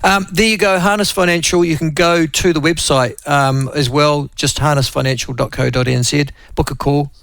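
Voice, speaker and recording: Chatty New radio host. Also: male voice, fairly high pitch, steady tone, normal speed, vocal fry, few pauses, a bit bright, no echo. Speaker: radio talk show host. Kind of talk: casual radio interview.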